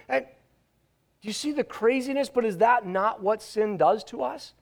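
A man pastor preaching a sermon in a conversational, emphatic way, with dramatic pauses. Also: extremely high pitch, gravelly.

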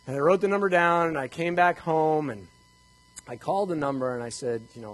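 An older man telling personal stories to a live audience in an animated, joking way, acting out the dialogue. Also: on the high side, brisk, poor audio. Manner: animated, jokey, acts out dialogue. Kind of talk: storytelling talk to a live audience.

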